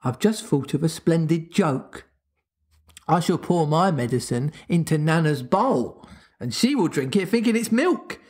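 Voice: medium pitch, animated, a little slow, darkish tone, pitched above the performer's own voice. A podcast reader voicing a blustering, childish father who sulks and bickers. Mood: petulant. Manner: huffy and childish. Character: blustering, petulant grown father.

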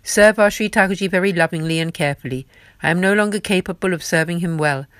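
Earnest humble devotee man pleading gently , read by a woman, dry close sound. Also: on the low side, quick pace, no room sound, natural voice. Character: devout humble grown man, earnest disciple.

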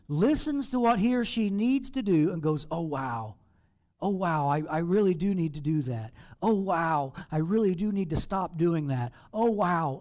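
A man, a pastor, preaching a sermon in an animated, playful way with acted asides. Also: high voice. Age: over 40.

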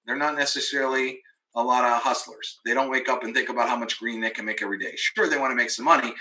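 A man giving an energetic marketing pitch in a webinar, emphatic and acting out the doubts of his prospects. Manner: emphatic, acts out quoted voices of prospects. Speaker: webinar presenter. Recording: roomy echo.

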